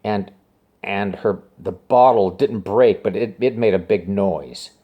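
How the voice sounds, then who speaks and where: Speaking to camera in a lowish, slightly rough voice on a lo-fi recording, a man rambles through a personal story. He halts, repeats himself, and moves between hushed asides and urgent, raised bursts.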